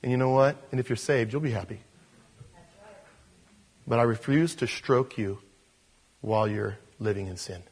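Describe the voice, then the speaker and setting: Male pastor, husky voice, animated sermon delivery, loud-to-soft swings. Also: mid-range voice, normal speed, long pauses.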